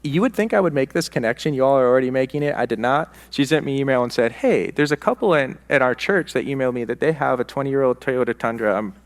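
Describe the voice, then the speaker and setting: A man's voice: medium pitch, quick pace, hardly any pauses. A man, a rector, telling a story at a church forum, acting out the quoted dialogue with animation.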